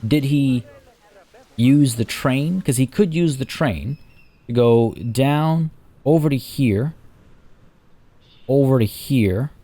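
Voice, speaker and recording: A man casually commenting as he plays a zoo-building game, rambling and chatty, often restarting sentences and filling pauses. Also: medium pitch, dark tone. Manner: rambling, chatty, self-correcting with fillers. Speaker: let's play host.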